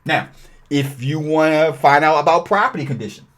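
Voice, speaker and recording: A middle-aged man teaching a cold calling script in an energetic, emphatic way, sometimes acting out sample lines for callers. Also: fairly high pitch, moderate pace. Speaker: real estate investing coach. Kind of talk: training video walkthrough.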